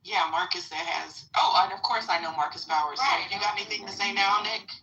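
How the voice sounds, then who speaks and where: Woman, middle-aged, casual chat room host, blunt and profane, sharp bright tone, distant. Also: medium pitch, a little fast, muffled recording. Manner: blunt, chatty, swears freely, keeps addressing the room. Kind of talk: casual live audio chat.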